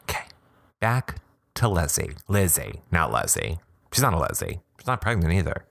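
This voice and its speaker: A woman's voice: rumbling low, very animated, normal speed, creaky, dry recording, studio quality. A woman hosting a casual podcast, talking chattily with joking asides and frequent self-interruptions as she reads blogs aloud. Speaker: podcast host.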